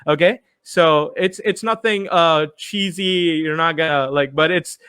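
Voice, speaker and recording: High-voiced, profane young host. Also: male voice, a little slow, clear, resonant tone, no echo. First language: Bengali. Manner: animated, profane, mixes in imitated voices. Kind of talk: casual chat.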